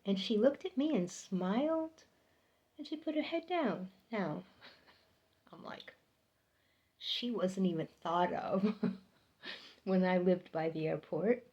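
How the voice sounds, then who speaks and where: A middle-aged woman telling a personal story in a casual, unhurried way, getting animated when she quotes people and laughing between lines. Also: mid-range voice, dull audio. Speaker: storyteller sharing personal experiences.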